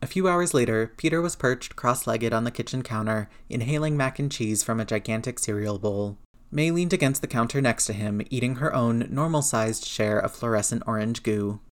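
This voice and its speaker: A woman narrating a story aloud in a steady, measured way. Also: a bass voice. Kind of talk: audiobook narration.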